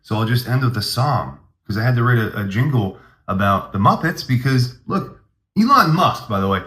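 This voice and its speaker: Hyped man ranting, lively swinging voice. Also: medium pitch, normal speed, echoey room. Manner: hyped, rambling, mock-grandiose boasting. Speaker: comedy podcast host. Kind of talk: comedic monologue.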